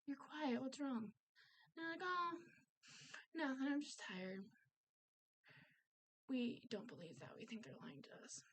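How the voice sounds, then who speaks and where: Woman vlogging, slightly high voice, earnest, confiding, filler-heavy talk. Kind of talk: personal vlog, candid talk about mental health.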